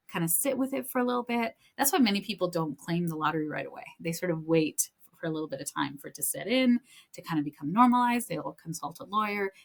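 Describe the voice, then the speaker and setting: A woman's voice: on the low side, gravelly. A woman hosting a podcast, telling stories in a casual, chatty way with many fillers and some enthusiasm. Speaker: podcast host. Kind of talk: casual spiritual talk.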